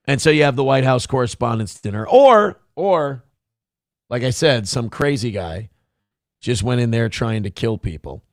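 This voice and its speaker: A male live-show host rants with a gravelly edge, his pitch swinging widely. He is sarcastic and foul-mouthed and reads chat messages aloud. The sound is dry and close, with no room around it. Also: animated, normal speed, dry recording. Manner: profane, ranting, sarcastic. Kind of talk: live-stream rant reading chat.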